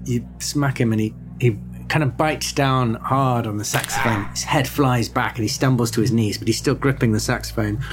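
A man in the game master's seat narrates the scene in a mid-pitched voice, halting and restarting as he describes the action. Faint music runs quietly behind. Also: steady tone. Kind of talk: narrating a tabletop horror game.

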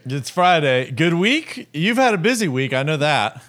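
A young man with a slightly higher voice, co-hosting a podcast. He tells stories in a loose, chatty way and drops "like" all through his talk. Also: sing-song, normal speed, a bit bright. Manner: chatty storyteller, many "like" fillers. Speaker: podcast co-host. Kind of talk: casual chat.

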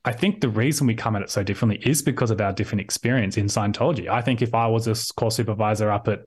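A man's voice: fairly low pitch, very fast, darkish tone, breathy edge. Australian man as interview guest over video call; chatty, restarts often, acts out quotes. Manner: rambling with frequent restarts, acts out quoted voices. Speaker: podcast guest. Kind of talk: casual conversational interview.

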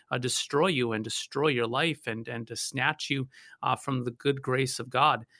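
Gravelly, bright-voiced pastor. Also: male voice, mid-range voice, no room sound, clean studio sound. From North Dakota. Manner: animated storytelling with frequent restarts. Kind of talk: conversational theological discussion.

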